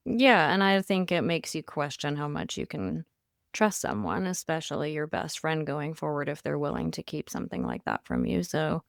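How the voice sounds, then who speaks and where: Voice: mid-range voice, very animated, normal speed, creaky, dry recording, clean studio sound. A podcast co-host chatting casually, agreeable and thoughtful, often murmuring agreement. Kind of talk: casual chat.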